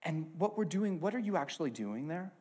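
A man preaching a sermon with an object lesson, swinging between hushed asides and loud emphasis. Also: high-pitched, big pitch swings, fairly quick, slightly rough.

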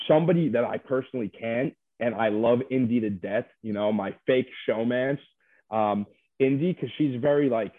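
A former reality show contestant is interviewed over a dry, tinny phone line, chatting casually and rambling with plenty of fillers. His mid-range voice runs a little fast, with no room sound.

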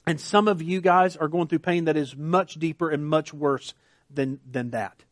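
Earnest, high-voiced male pastor. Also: normal speed, dry recording, clean studio sound. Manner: earnest, conversational, with restarts. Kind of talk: sermon.

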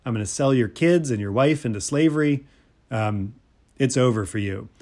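A stern king handing down judgment, blunt and firm, as a male preacher puts him on. He talks in a plain storytelling voice of middle pitch rather than a theatrical one. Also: moderate pace, darkish tone, lightly acted.

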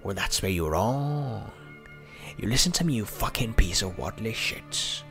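A man's voice: on the low side, lively intonation, measured pace, creaky, fairly bright tone, faint music behind, heavily acted. A man performing an impression of a furious son ranting at his absent father, using a put-on Welsh accent that wanders into other accents and swearing bitterly. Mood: bitter fury. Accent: put-on Welsh accent that drifts to other accents. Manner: snarling, swearing, bitter taunting. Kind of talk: monologue impression of a film role.

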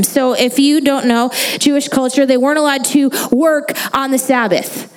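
A woman in her forties preaching a sermon in a lively, joking way, asking the congregation questions. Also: sits high, measured pace. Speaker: pastor. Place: church hall.

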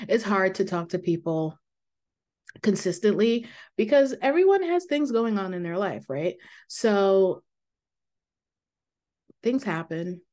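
A woman hosting her own podcast, talking candidly and reflectively in a casual way, with fillers and soft laughs. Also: mid-range voice, slow, long pauses. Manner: calming voice for guided meditations. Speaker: podcast host. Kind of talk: casual personal podcast talk.

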